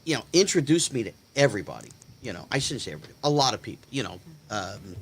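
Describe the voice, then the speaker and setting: A man in his fifties, a guest in a casual chat, telling anecdotes with animated delivery and slipping into other people's voices. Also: mid-range voice, rapid-fire, a little hiss or hum. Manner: animated, acts out quoted voices. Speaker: guest storyteller.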